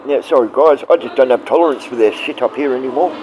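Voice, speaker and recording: A man's voice: medium pitch, fast talker, darkish tone, a little hiss or hum, poor audio. A man with an Australian accent streaming live, rambling bluntly and swearing often as he talks to his chat.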